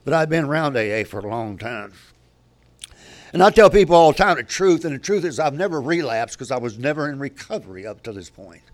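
A man's voice: a little high, sing-song, a little fast. An older man telling his personal recovery story at a meeting, candid and rambling, often restarting his sentences.

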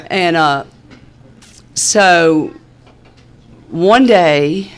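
A woman's voice: on the low side, drawn-out words, clean tone. A woman with a Southern US accent telling a personal story in a wry, laid-back, humorous way, with a drawl and plenty of fillers. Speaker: speaker sharing a recovery story.

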